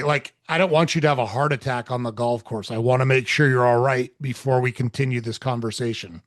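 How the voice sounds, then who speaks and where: A man's voice: medium pitch, steady tone, brisk, hardly any pauses, no room sound, clean studio sound. A man hosting a podcast who tells a story in a laid-back, casual way, swearing now and then and acting out the dialogue.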